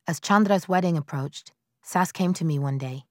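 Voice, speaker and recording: A woman narrating a novel in the first person, in a measured, quiet storytelling manner. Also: fairly low pitch, dry recording, studio quality. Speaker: audiobook narrator.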